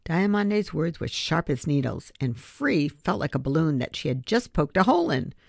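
Low-voiced woman reading a children's book aloud. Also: moderate pace, gravelly, no echo, clean studio sound. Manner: expressive, storytelling. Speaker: reader.

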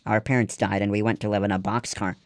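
A man's voice: lowish voice, flat delivery, quick pace, dry recording, clean studio sound, close to an everyday voice. A man reading the lines of a cheerful, bragging little boy in a storybook.

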